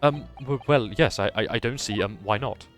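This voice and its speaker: A man's voice: medium pitch, moderate pace, a bit bright, soft background music, close to an everyday voice. A man voicing a timid older male judge who stammers nervously. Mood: flustered.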